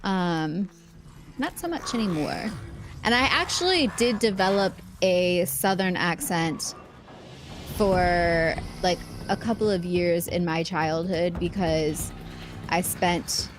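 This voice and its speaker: A woman's voice: lowish voice, slow, music in the background. A young woman streaming a video game, chatting casually and playfully and laughing often. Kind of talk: casual live-stream chat while gaming.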